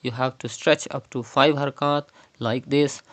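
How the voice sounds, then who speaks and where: A male recitation teacher giving a step-by-step lesson, patiently explaining sounds and stretching words out slowly to show their pronunciation. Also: mid-range voice, fairly even intonation.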